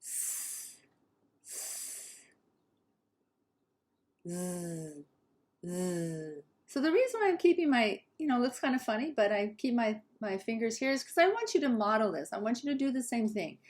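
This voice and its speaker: A woman from Southern California with a Southern Californian accent, teaching English pronunciation slowly and carefully and modeling sounds for learners to repeat. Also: fairly high pitch, sing-song, a little mellow. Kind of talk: pronunciation lesson.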